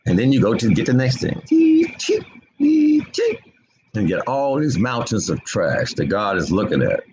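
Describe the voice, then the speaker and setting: A man's voice: expressive, fairly quick, darkish tone, slight background noise, poor audio. Impassioned man preaching off the cuff. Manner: impassioned, repetitive, swings between low and high pitch. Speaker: online preacher. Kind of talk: unscripted spiritual commentary.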